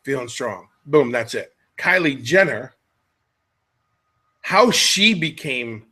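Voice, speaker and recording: A middle-aged man hosts a podcast in loose, casual chat. He rambles and cracks jokes, hopping from tangent to tangent. His voice sits a little high for a man. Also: lively intonation, takes it slowly, sharp tone, slightly rough. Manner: rambling, jokey, jumps between tangents. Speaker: podcast host.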